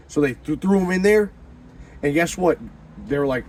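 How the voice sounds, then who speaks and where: Guy hyping himself up about faith, cursing a lot, gets loud then drops real low, faint hum in the background. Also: animated, normal speed, pauses often. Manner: swings from fired-up shouting to hushed low murmurs; profane and slangy. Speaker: motivational talker. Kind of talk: animated religious pep talk.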